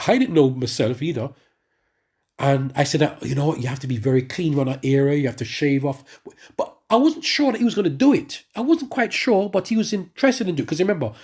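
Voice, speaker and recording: Husky guy telling his testimony, rambly and animated, keeps breaking off mid sentence. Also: on the high side. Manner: animated storytelling with many asides and restarts. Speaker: church member giving testimony. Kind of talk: spoken religious testimony.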